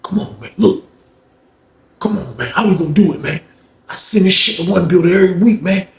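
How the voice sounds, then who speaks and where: Man playing a crude paranoid older inmate dealer, fast, cursing, echoey room. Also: high-pitched, vocal fry, voice pushed up. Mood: griping. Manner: profane, defensive griping.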